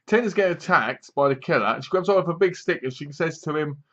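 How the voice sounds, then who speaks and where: A man's voice: a little high, expressive, fast, a bit bright, dull audio. A man reviewing a horror film in a casual, rambling, sarcastic way. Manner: sarcastic, mocking, meandering.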